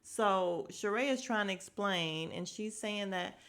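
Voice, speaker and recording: A woman hosting a casual podcast, recapping reality TV in an animated, gossipy way and laughing often. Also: mid-range voice, a little slow, smooth. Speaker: podcast host.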